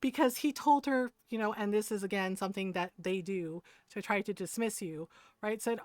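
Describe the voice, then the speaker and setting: A woman's voice: medium pitch, moderate pace, a little mellow, no echo. Chatty woman streamer, dry close sound. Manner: chatty storytelling, laughs often, swears freely. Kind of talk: casual chat while gaming on stream.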